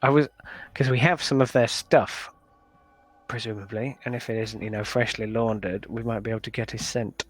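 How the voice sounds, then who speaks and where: A man runs a tabletop game as game master, easygoing and open to the players' ideas. His voice sits at an ordinary middle pitch. He invites the players to chip in. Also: steady tone, moderate pace, low-quality recording. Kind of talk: running a tabletop game online.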